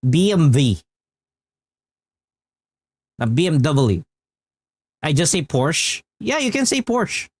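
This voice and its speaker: Slow, high-voiced male game streamer. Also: very animated, slightly rough, no echo. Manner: rambling and explanatory, with many restarts. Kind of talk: casual live-stream chat.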